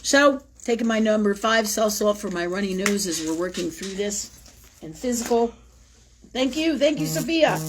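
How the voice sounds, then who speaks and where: A woman's voice: medium pitch, animated, normal speed, noisy background. A woman hosting a spiritual livestream, talking through a personal story in an intense, emotional way, swearing freely and repeating phrases for emphasis. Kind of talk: personal confessional monologue.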